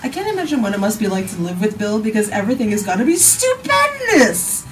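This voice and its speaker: A woman's voice: medium pitch, big pitch swings, fast talker. A woman from a podcast describing a castmate in a casual, amused way. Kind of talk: casual interview remarks.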